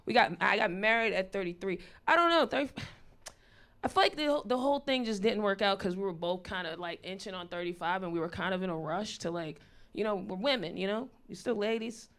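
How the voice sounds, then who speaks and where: A woman's voice: medium pitch, fairly quick, fairly bright tone. Woman, 30s, stand-up comic. Blunt, profane, loose conversational delivery, mid-range voice. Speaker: stand-up comedian. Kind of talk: stand-up comedy set. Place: live stage venue.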